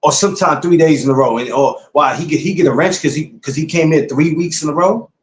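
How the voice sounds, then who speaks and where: The podcast host's voice is a little high and quick, with reverberation and slight background noise. Talking bluntly and casually to his livestream viewers, he repeats himself as if lecturing.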